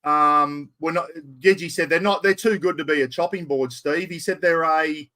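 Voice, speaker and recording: A middle-aged Australian man with a slightly high voice hosts a relaxed camping live stream. He talks in a chatty, blokey way, greets viewers and swears freely. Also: normal speed. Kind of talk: casual live-stream chat.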